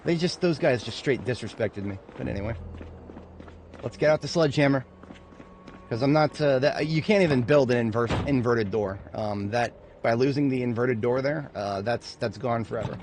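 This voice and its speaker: This casual let's-play features a man with a medium-pitched voice speaking at a moderate pace, with slight background noise alongside game music and sounds. He mumbles to himself about his playing, curses frequently and flips suddenly into angry yelling.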